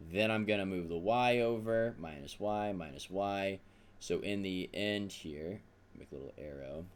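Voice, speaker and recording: A man teaching a math lesson, talking through the steps aloud in a casual, self-deprecating way. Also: deep voice. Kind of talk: recorded math lesson at a whiteboard.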